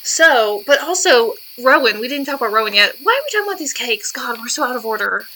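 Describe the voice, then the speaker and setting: A woman's voice: on the high side, expressive, fast, bright, forceful tone, a little hiss or hum. A woman co-hosting a podcast in casual chat, talkative, laughing often and jumping between topics. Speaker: podcast co-host.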